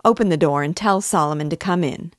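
A woman reading as a hearty, loud old squire. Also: lowish voice, a little fast, dry recording, studio quality, lightly acted. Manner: loud, patronizing. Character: hearty older male country squire.

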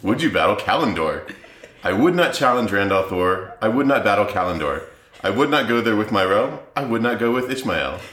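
A man's voice: on the low side, very animated, brisk, fairly bright tone. A man reading aloud a rhyming children's book in the voice of a villain, in a sing-song manner, with an echo around him. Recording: roomy echo.

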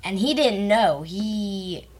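A young woman tells a ghost story in casual podcast chat, full of fillers and quick laughs. Her pitch is middling for a woman. There is a faint hiss behind her voice. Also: animated, darkish tone. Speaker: podcast co-host, host's daughter.

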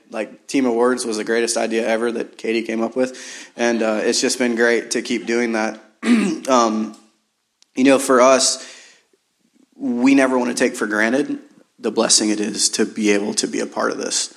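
A man leading church teams, hoarse from singing, speaking in a loose, rambling way with lots of fillers. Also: lowish voice. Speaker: church team leader. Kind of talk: casual church talk. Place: church service in a large room.

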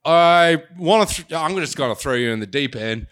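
A man's voice: fairly high pitch, lively intonation, normal speed, fairly bright tone, clear, resonant tone. A man, co-hosting a casual podcast, joking and swearing as he relays odd research findings. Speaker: podcast co-host.

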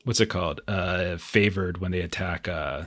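A man's voice: sits low, normal speed, fairly bright tone. A man narrating as game master, talking casually with many fillers and restarts.

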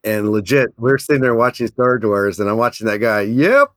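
A man telling a business story in an energetic, animated way, laughing often. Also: on the low side, brisk, no echo, studio quality. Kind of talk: casual storytelling.

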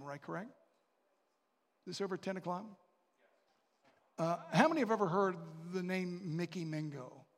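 Man, pastor, sermon, storytelling, long hall reverb. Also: high-pitched. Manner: storytelling, with asides and questions to the congregation.

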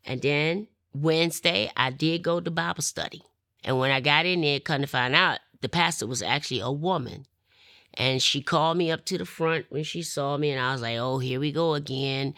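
A woman's voice: low voice, moderate pace, fairly bright tone, no room sound, studio quality. A woman, telling her personal testimony in an interview and acting out the people in her story.

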